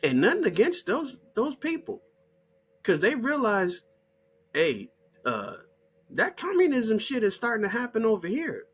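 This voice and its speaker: A man's voice: sits high, wildly swooping pitch, a little slow, slightly rough, faint music behind. A middle-aged man delivering a heated, mocking monologue full of swearing. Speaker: channel host. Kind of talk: profane ranting monologue.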